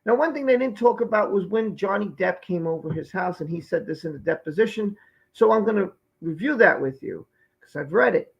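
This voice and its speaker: A man with a high, husky, gravelly voice gives live-stream commentary and drives his points home by repeating them. The sound is muffled and lo-fi. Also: animated, a little fast. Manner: emphatic, repeats key phrases.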